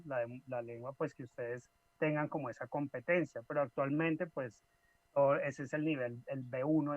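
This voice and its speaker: A man co-hosting a casual radio chat, explaining language levels in a measured, teacherly way. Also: medium pitch, no echo. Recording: dry, dull lo-fi sound.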